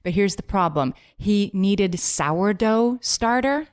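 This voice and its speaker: A woman co-hosting a podcast in casual chat, talking quickly and emphatically with lots of "like". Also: medium pitch, expressive, clear, resonant tone. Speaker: podcast co-host.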